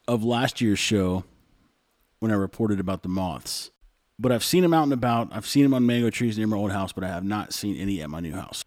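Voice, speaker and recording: A man with a fairly low voice hosts his own show, telling a long story. He rambles in a loose, chatty way. The sound is dry and close, with almost no room echo. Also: a little mellow. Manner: rambling, conversational, frequent "like" fillers. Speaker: show host. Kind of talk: casual monologue storytelling.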